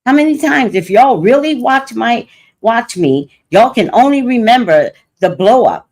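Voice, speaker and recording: A woman's voice: fairly high pitch, unhurried. An older woman hosting a livestream, telling a personal story in casual chat and acting out what others said. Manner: animated storytelling, quoting others. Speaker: host.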